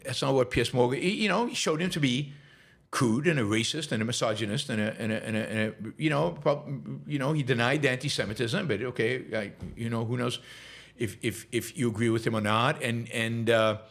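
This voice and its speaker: A man's voice: medium pitch, fairly quick, fairly bright tone. Stammering man hosting political commentary. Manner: stammering restarts, emphatic rhetorical questions. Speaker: show host.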